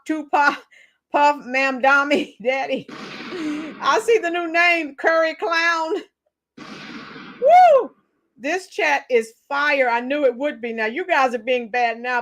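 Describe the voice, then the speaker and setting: A woman hosting a live stream, mocking her subjects and chatting with viewers in an animated way. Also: sits high. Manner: mocking, animated, talks to chat. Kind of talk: casual live-stream chat.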